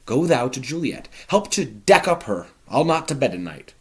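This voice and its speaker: A man gives voice to an excitable older nobleman, a father who blusters and commands. His reading lifts high and jumps about, loud and emphatic, in a dramatic verse style. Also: measured pace. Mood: blustering.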